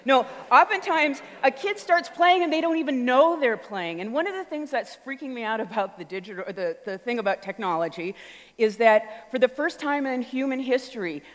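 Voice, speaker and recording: A woman giving an animated storytelling talk on stage, acting out little voices and sounds as she goes. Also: sits high, moderate pace. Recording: long hall reverb.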